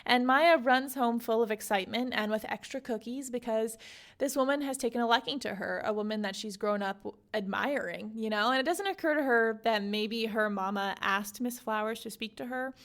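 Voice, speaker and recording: Young adult woman, book podcast host, a touch high-pitched, casual and chatty summarizing. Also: normal speed. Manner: chatty and animated, full of "like" and "you know". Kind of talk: casual book summary with read-aloud excerpts.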